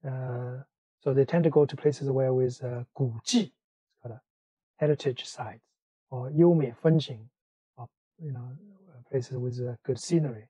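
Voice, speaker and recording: Mellow-voiced male teacher. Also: medium pitch, measured pace, long pauses, slightly rough, no echo, low-quality recording. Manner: explains in English with Mandarin examples, many fillers. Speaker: Mandarin teacher. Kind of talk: recorded language lesson.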